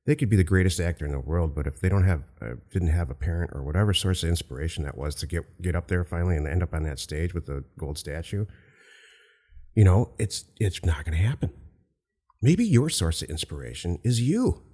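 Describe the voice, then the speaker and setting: Deep-voiced man hosting a podcast. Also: brisk, in a large hall. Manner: relaxed, encouraging, joking. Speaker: podcast host. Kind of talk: casual chat.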